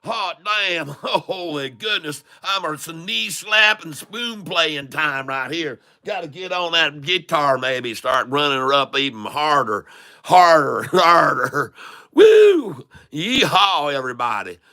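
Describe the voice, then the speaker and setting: A man's voice: fairly high pitch, takes it slowly, sharp tone, full character voice. A man putting on a gleeful, rowdy country redneck character, drawling and hollering folksy exclamations while he trades.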